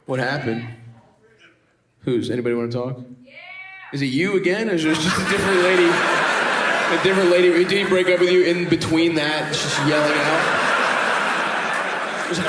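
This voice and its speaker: A male stand-up comedian doing crowd work, loud and profane, teasing the audience and laughing. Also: a little high, a little fast, long pauses, heavy background noise. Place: comedy club stage with audience. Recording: echoey live club recording with loud ambience.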